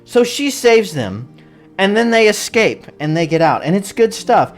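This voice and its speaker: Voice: mid-range voice, sing-song, a little slow, faint music behind. A movie reviewer giving a casual, rambling recap full of jokes and frequent laughter. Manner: rambling and joking, laughs often. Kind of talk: casual spoiler-filled recap.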